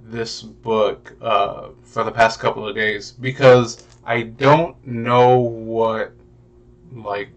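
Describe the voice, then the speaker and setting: A man's voice: medium pitch, fairly bright tone. A young man co-hosting a podcast, chatting casually with a rambling, profane manner and plenty of fillers. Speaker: podcast co-host. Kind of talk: casual chat.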